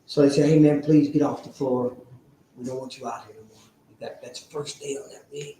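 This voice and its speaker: A man telling his recovery story to a live audience, animated and sometimes shouting. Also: fairly high pitch, normal speed. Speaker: speaker sharing a recovery story. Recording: very echoey room, faint noise.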